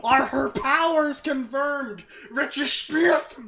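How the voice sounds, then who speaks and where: A man's voice: very high voice, takes it slowly, gravelly, heavy background noise. A man co-hosting a livestream, reading fanfiction aloud with playful, mock-dramatic delivery over an online call. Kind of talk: joking livestream banter.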